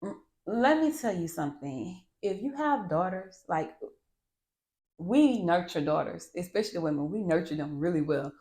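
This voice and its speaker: A woman hosting a podcast, talking candidly and bluntly about parenting, swearing freely in a lively, animated way. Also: on the low side, moderate pace. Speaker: podcast host. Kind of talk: candid monologue.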